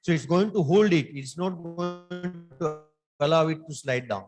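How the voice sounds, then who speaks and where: Emphatic surgeon, raised pitch. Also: male voice, unhurried, a little mellow, soft background music, poor audio. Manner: emphatic, explanatory, lecturing to younger surgeons. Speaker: surgeon presenting at a conference. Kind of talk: conference Q&A answer.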